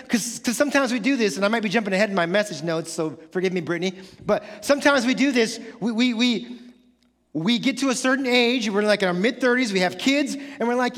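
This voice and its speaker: A male pastor preaching a sermon, animated, acting out casual quoted voices and building up to excited shouts. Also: high voice, moderate pace, in a large hall. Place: church sanctuary.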